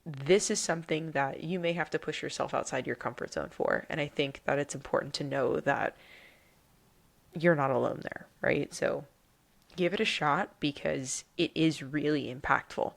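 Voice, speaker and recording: A woman's voice: low voice, normal speed, vocal fry. A woman co-hosting a podcast, chatting casually with lots of fillers and jokes. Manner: chatty and joking, filler-heavy. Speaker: podcast co-host.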